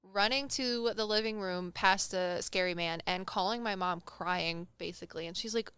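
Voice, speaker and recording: A young woman casually telling a personal story on a podcast, animated and acting out the people she quotes. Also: mid-range voice, normal speed, smooth, dry recording. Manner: animated, acts out quoted voices, laughs often. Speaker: medium telling stories on a podcast.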